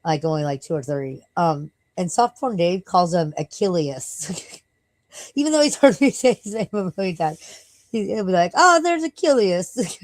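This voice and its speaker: A woman's voice: lowish voice, expressive, moderate pace, dark tone, no echo, low-quality recording. A tired woman live streaming in casual, rambling chat, swearing freely and breaking off to scold and baby-talk her dog.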